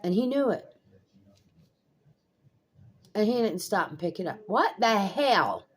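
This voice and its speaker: A woman's voice: medium pitch, animated, a little slow, dark tone. An older woman vlogging casually from her home kitchen, blunt and swearing freely as she rants in exasperation. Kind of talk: casual vlog chat. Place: home kitchen by pool windows.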